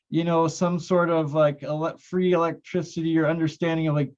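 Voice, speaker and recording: A man's voice: fairly high pitch, a little mellow. A man on a live stream, speaking in a speculative, rambling way with many fillers. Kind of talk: casual live-stream chat. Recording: dull lo-fi call audio.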